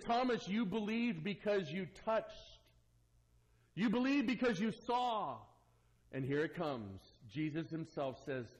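A man preaching a sermon as pastor, swinging between loud emphatic lines and hushed, quiet asides. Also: mid-range voice, low-quality recording.

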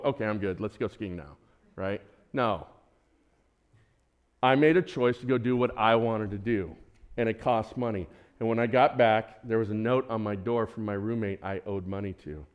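A man in his sixties preaching a sermon, telling a personal story and acting out his own prayers and conversations. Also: medium pitch. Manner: animated, acts out his own prayers and dialogue.

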